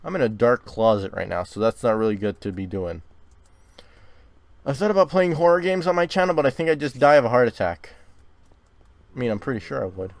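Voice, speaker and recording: A young man hosting a gaming video, chatting casually and often swearing and yelling when startled, recording in a dark closet. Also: medium pitch, big pitch swings, brisk, gravelly, pauses often, no room sound. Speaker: gaming channel host. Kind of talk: casual game commentary.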